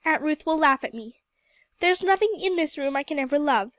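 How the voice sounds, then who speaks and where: A woman's voice: high-pitched, lively intonation, moderate pace, a bit bright, dry recording. A woman voicing a homesick, dreamy teenage girl who pleads and rebels, read in a storybook.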